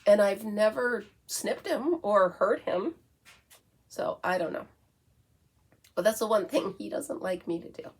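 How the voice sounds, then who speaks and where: A woman's voice: mid-range voice, unhurried, pauses often, breathy edge. A middle-aged woman from the United States hosting a casual morning coffee chat, chatty and breaking into baby talk with her dog. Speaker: vlog host.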